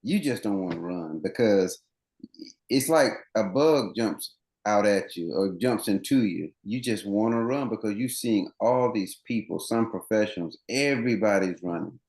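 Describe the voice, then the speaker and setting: A man's voice: fairly low pitch, lively intonation, normal speed, a little mellow, echoey room. A man running coach, interviewed as a guest on a podcast, explaining things earnestly at length with many restarts.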